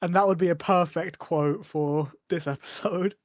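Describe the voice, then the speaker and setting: A podcast co-host chatting through an episode recap at a middling pitch. The delivery is hesitant and full of ums, with wry one-liners, and the recording is close and dry. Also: normal speed, dry recording.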